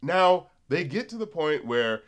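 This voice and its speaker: A man co-hosting a casual podcast review chat, animated, laughing often and swearing freely. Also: fairly high pitch, a little slow, clean tone. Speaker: podcast co-host.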